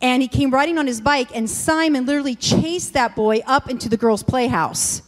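A woman's voice: high voice, normal speed. A woman pastor telling homely stories in a sermon, chatty with many fillers and restarts. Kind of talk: sermon storytelling. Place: church sanctuary. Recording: long hall reverb.

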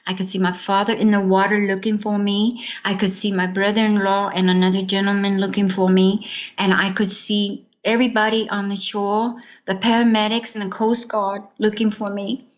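A woman's voice: mid-range voice, flat delivery, normal speed, muffled recording. A woman giving an earnest personal testimony in an interview, acting out the words of others as she tells it. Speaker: interview guest.

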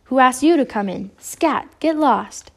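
A scheming mad scientist from a children's storybook, read aloud by a woman. He talks smoothly and with a nasty, sneering edge. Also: fairly high pitch, fast, a little mellow, close to an everyday voice. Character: scheming cold-hearted male mad scientist.

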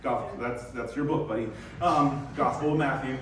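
A male pastor giving a lively sermon, acting out the scenes with sudden high bursts. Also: normal speed, a little hiss or hum. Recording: very echoey church hall, distant mic.

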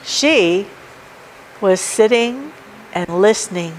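A woman's voice: medium pitch, lively intonation, slow, slight background noise, rough recording. A woman preaching a sermon at a church service, emphatic and repeating her key points as she works through a numbered list. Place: church sanctuary.

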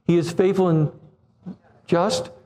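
A man in his seventies preaching a sermon, animated, acting out quoted voices and putting questions to the congregation. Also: sits high, takes it slowly. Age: 70s.

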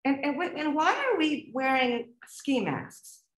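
An actress playing a grown daughter, practical and exasperated, in a stage play. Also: female voice, high voice, sing-song, unhurried. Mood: skeptical. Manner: exasperated, down-to-earth. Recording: echoey room.

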